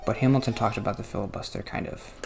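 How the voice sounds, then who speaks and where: A man hosting casual gameplay commentary, talking in a hushed, half-whispered, self-conscious way close to the mic in his apartment. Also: lowish voice, fast talker, gravelly, faint music behind. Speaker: let's play host. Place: apartment room.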